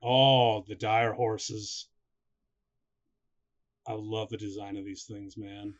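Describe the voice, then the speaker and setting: A man chatting casually about a movie, excitable and quick to laugh. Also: lowish voice. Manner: laughs often, excitable asides. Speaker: co-host of a movie reaction. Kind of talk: casual chat. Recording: slightly dull lo-fi sound.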